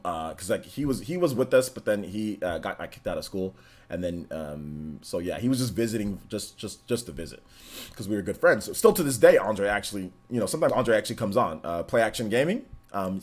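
A man in his thirties hosting a livestream, chatting casually and telling a rambling, slangy story. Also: lowish voice. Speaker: streamer host.

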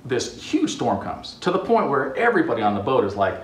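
Animated man telling a Bible story. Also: medium pitch, brisk, roomy sound, distant mic. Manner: playful, acts out the characters' voices. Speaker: host.

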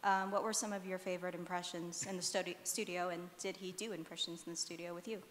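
A woman from the audience asking a guest a soft, tentative question at a public talk. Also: lowish voice, level tone, fast, a little hiss or hum. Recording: distant in a reverberant hall.

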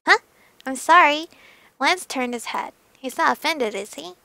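A woman's voice: sits high, lively intonation, measured pace, vocal fry, pushed and bright, dry recording. A woman streamer reading a story game aloud and adding giggly, chatty asides.

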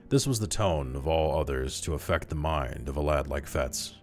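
A man reads a classic horror story in a measured, steady narration. His voice sits extremely low. Soft music plays faintly underneath. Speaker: audiobook reader.

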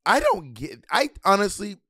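A man co-hosts a casual review chat and rambles between tangents. His pitch sits a bit high and swings widely. The sound is dry and close. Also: moderate pace, breathy edge, no echo. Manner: rambling, animated, acts out quoted voices. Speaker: co-host reviewing a TV show.

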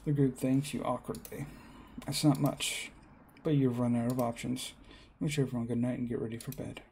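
A man reading a game's story text aloud in a plain, even way, with small slips. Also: mid-range voice, moderate pace, vocal fry, a little hiss or hum. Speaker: gamer.

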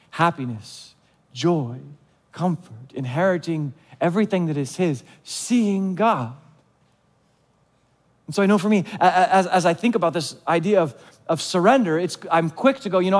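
Speaking in a large church hall, a male pastor with a slightly high voice delivers a conversational sermon. He asks his listeners questions and acts out what they might say in reply.

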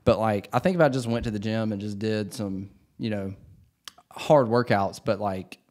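A man with a drawl talks in a relaxed, casual way, his voice sitting fairly low. He rambles, circling back with fillers and restarts. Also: normal speed. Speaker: podcast host. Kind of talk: casual chat.

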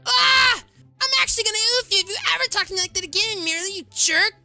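A woman doing a gravelly, rapid angry little girl. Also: sits high, pushed and bright, full character voice. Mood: furious. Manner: rapid, furious threats. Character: angry, threatening young girl. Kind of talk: Roblox role-play voice acting.

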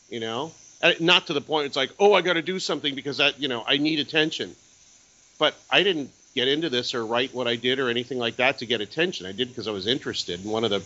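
A man's voice: mid-range voice, bright, forceful tone. A man, an author and radio host appearing as a podcast guest, talking in a reflective, rambling way. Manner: reflective, rambling, self-questioning. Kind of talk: casual chat. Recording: dull lo-fi audio.

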